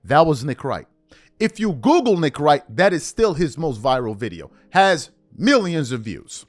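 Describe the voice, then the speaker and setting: The man's voice is a little high and sing-song, and he talks a little slowly. He hosts a sports commentary channel, ranting indignantly and mockingly and mimicking the people he quotes, with a faint music bed behind.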